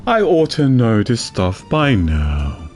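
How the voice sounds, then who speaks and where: A man's voice: medium pitch, huge pitch swings, takes it slowly, darkish tone, faint music behind. A man doing a dopey, bumbling detective. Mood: eager, rambling. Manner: dopey accented voice. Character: bumbling loyal male police detective.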